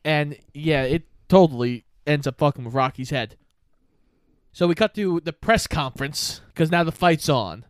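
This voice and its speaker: A man's voice: on the high side, moderate pace, no room sound, clean studio sound. A man co-hosting a casual movie recap podcast, retelling scenes and quoting characters, with some swearing. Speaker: podcast co-host.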